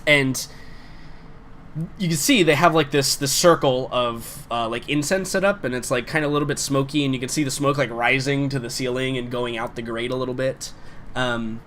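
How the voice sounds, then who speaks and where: A man's voice: mid-range voice, normal speed, fairly bright tone, a little hiss or hum. Casual, rambling male game master. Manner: casual, rambling with many fillers. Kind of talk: narrating a tabletop game.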